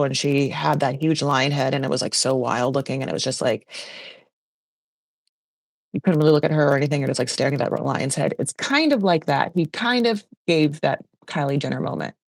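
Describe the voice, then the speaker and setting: A woman's voice: low-pitched, no room sound, clean studio sound. A woman hosting a podcast, recapping a reality show in a chatty, gossipy way with lots of "like". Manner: chatty, gossipy, heavy use of "like". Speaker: podcast host. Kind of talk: casual pop culture recap.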